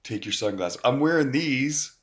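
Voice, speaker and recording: A man's voice: mid-range voice, lively intonation, moderate pace, fairly bright tone. A man, recording an angry, profane rant into his phone outdoors. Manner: angry, profane rant with mocking quoted voices. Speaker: vlogger. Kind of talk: ranting to camera.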